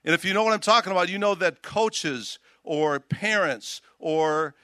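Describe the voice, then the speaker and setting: Bright-voiced older pastor preaching. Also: male voice, high voice, normal speed, dry recording. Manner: animated preaching, reading scripture aloud with emphasis. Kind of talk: sermon. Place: outdoors.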